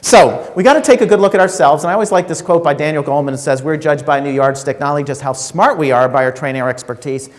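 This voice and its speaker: A man's voice: a little high, quick pace, hardly any pauses. A man giving a live keynote to a sales audience, telling stories, asking the crowd questions and acting out quotes. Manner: storytelling, asks the audience questions, acts out quotes. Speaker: keynote speaker. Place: conference hall. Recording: reverberant hall recording.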